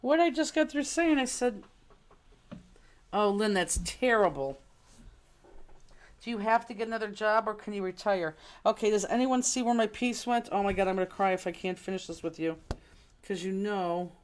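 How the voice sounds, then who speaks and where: A woman's voice: medium pitch, normal speed. A woman teaching a live online crafting class in casual, chatty talk, exclaiming and fretting as she looks for things, sometimes moving away from the mic. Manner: chatty, exclaiming, fretful while searching.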